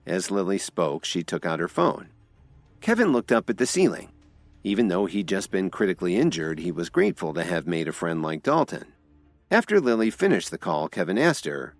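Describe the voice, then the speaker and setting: A man's voice: low voice, very animated, normal speed, no room sound, faint music behind. A man narrating an audio drama in a scripted storytelling style. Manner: voices all characters himself.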